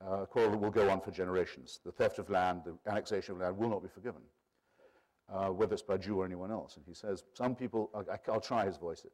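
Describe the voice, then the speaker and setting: An English man in his sixties delivering a formal lecture with his voice sitting on the low side. He speaks in a measured, erudite way. He drifts into wry asides before returning to his point. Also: a little mellow. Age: 60s. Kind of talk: public lecture.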